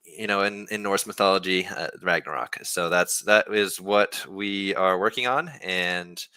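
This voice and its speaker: A low-voiced man with a bright, clear tone walks listeners through a new game feature on a livestream Q&A. He talks in a loose, relaxed way, full of fillers and restarts. The sound is dry and close. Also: a little slow, no echo. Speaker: game developer. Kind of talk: livestream Q&A explanation.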